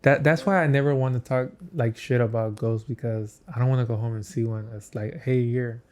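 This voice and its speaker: A man's voice: mid-range voice, fairly even intonation, a little fast, darkish tone. Young man, podcast co-host, hesitant joking explainer, casual chat.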